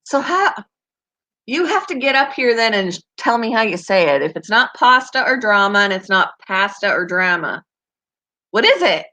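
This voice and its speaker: A woman's voice: mid-range voice, very animated, moderate pace, bright, forceful tone. A woman from Canada with a Canadian accent, chatting casually on a live stream, giggly and answering viewers' comments. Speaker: pet channel host.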